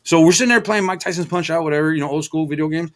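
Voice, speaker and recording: A man's voice: a little high, racing. Profane, rambling storyteller, middle-aged man. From Los Angeles area. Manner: rambling, profane, animated storytelling with many fillers. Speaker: stream host. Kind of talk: casual storytelling chat.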